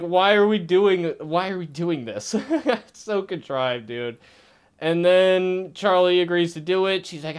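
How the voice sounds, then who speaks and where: A man ranting in a casual review vlog, sarcastic and full of swearing, with frequent laughs. His voice sits high and sounds smooth and clean. He talks loosely, like chatting with friends. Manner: sarcastic, profane, laughing rants. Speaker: TV show reviewer.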